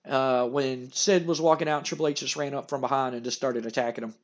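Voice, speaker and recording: A man casually narrating a wrestling management game, excitable and full of fillers. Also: mid-range voice, brisk. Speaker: gamer narrating a wrestling sim.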